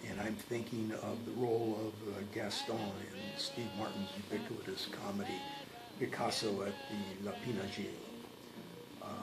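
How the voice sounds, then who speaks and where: A stage actor with a lowish voice reflects thoughtfully on his role in a promotional interview, hesitating often. The recording is rough and sounds roomy.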